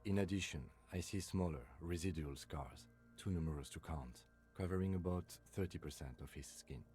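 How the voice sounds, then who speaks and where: A man voicing a calm, methodical police lieutenant in a video game, speaking in a clinical, measured, dry way. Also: deep voice, soft background music, lightly acted.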